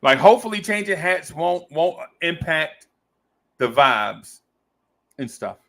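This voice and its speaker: With a fairly high, sing-song voice and a fairly bright tone, this man speaks slowly as he hosts a casual fan stream. He reads viewer comments aloud playfully, laughing easily and repeating his own lines.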